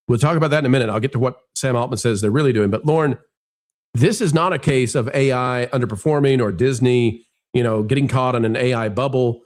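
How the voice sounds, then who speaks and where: A man hosting an entertainment news show, talking in an emphatic, wry way with quick asides. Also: medium pitch. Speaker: show host. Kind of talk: animated news commentary chat.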